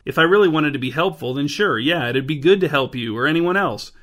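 A man's voice: a little high, lively intonation, a little fast, a bit bright. A man reading an earnest, over-explaining neighbor. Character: awkward compulsive male neighbor.

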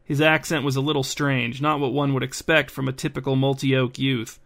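A man hosting a podcast and reading a bedtime story in a calm, even narration. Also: medium pitch, moderate pace.

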